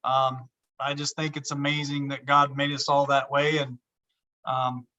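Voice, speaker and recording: A man's voice: mid-range voice, flat delivery, unhurried, bright, forceful tone, lo-fi sound. A man from Idaho hosting a video call chat, friendly and encouraging. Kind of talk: casual chat.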